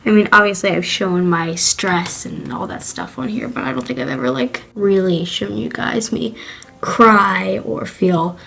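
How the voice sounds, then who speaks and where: A teenage girl vlogging, talking in a halting, apologetic way and choked up after crying. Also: mid-range voice, creaky, fairly bright tone, slightly rough, rough recording. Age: teens. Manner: halting, self-correcting, apologetic. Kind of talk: confessional vlog talk.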